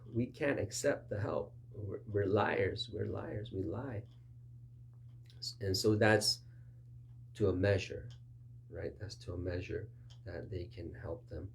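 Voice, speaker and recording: A pastor preaches in a conversational style, acting out both sides of little back-and-forth dialogues with a raised voice. He speaks slowly with long pauses, his voice a little mellow.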